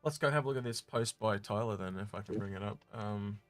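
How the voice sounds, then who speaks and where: A man co-hosting a casual gaming podcast, reading out viewer questions and musing about them in a relaxed way that often trails off. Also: lowish voice, a little fast, faint music behind.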